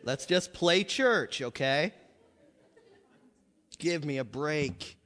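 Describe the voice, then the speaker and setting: A pastor preaching a lively sermon in a church, repeating himself and laughing often. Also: male voice, fairly high pitch, very slow, long reverb tail.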